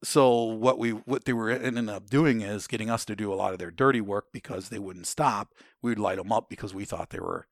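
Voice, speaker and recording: An American military veteran tells war stories in conversation in a lowish voice, a little fast, with vocal fry and few pauses. His manner is blunt and profane, full of restarts and "you know" fillers as he rambles. The recording is studio quality with no room sound.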